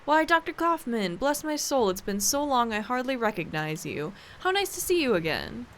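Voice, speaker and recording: Brief: woman playing an old female housekeeper in a game, fussy and kindly, put-on accent, raised pitch. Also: very animated, normal speed, a bit bright, a little hiss or hum. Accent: put-on accent unlike the other figures.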